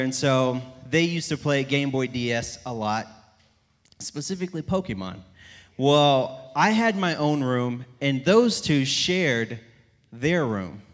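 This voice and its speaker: Speaking to a live audience in a church, a young man tells funny stories, animated and self-mocking as he acts out what people said. His voice sits at a medium pitch, and a long hall reverb hangs on the recording.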